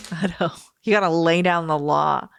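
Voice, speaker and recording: A woman's voice: deep voice, steady tone, measured pace, vocal fry. A woman co-hosting a podcast, talking things through in a thoughtful, chatty way. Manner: thoughtful, chatty, laughs often. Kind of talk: casual chat.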